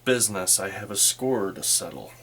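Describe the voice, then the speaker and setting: A man voicing a gruff adult male adventurer who bluntly challenges a companion to a rematch. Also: lowish voice, animated, normal speed, fairly bright tone, full character voice. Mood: challenging.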